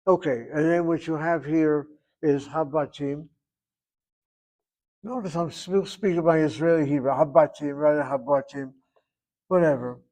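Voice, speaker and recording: Older male teacher, slightly high voice, reasons aloud through a grammar point in class. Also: moderate pace, dark tone. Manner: thinks aloud, reasoning back and forth. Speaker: Hebrew teacher.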